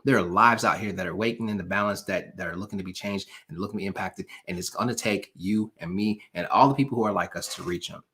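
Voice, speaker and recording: A low-pitched male voice, bright and forceful, moves at a quick pace with few pauses. He's hosting a live stream and giving his viewers a motivational talk, repeating points with preacher-like emphasis in a casual, direct way.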